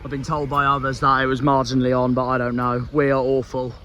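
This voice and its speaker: Male football fan vlogger, bright edgy tone, fed-up swearing rant, recorded outdoors by a marina. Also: medium pitch, monotone, fast talker, slight background noise. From South West England. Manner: angry, despondent ranting with swearing.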